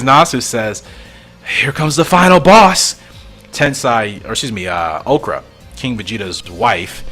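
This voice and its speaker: A man hosting a channel, excitedly reading and commenting on a fan comic with frequent laughs. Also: medium pitch. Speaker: channel host.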